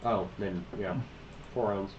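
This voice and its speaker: A man playing a tabletop game, making quiet, hesitant asides. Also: sits low, fairly even intonation, unhurried. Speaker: player. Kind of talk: casual tabletop game chat. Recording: distant, muffled mic with noise.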